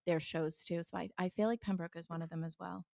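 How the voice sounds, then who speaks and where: A woman's voice: fairly low pitch, fairly even intonation, fast talker, vocal fry, mellow, dry recording, clean studio sound. A woman co-hosting a real estate show, reading lists of names and stumbling now and then. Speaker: real estate podcast co-host. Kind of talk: casual chat.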